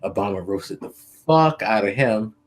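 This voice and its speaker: A man's voice: fairly low pitch, expressive, measured pace. Earnest male co-host, frequent ums. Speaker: podcast co-host. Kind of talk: casual political chat.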